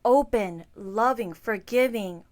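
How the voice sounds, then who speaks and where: A woman co-hosting a casual podcast, speaking candidly and expressively. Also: a little high. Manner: expressive, quick affirmations, candid. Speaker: podcast co-host.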